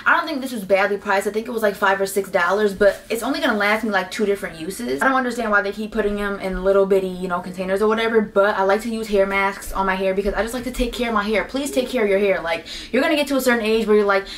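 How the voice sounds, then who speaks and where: A teenage girl chats through a hair-care haul. She gushes and repeats herself, piling up excited praise in a loose, casual way. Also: mid-range voice, quick pace, hardly any pauses. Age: teens. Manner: gushing, chatty, repeats herself. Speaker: beauty vlogger.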